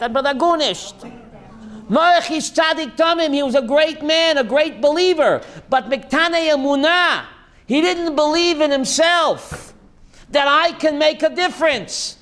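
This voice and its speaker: A man, a rabbi, giving a lively Torah class, calling on listeners by name and slipping in Yiddish and Hebrew words. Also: very high voice. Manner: lively, addresses listeners by name, jokey asides; mixes Yiddish and Hebrew terms. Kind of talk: animated Torah class to a live group.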